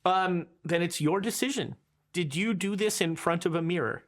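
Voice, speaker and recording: A woman's voice: lowish voice, normal speed. A woman running a tabletop horror game as game master, casual and dry.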